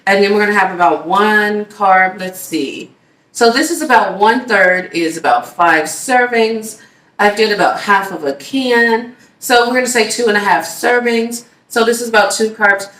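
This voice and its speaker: A woman's voice: mid-range voice, normal speed, fairly bright tone. A woman hosting a casual cooking demo, chatty and upbeat, talking straight to her viewers. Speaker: cooking video host. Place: home kitchen. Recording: echoey room, mic at a distance.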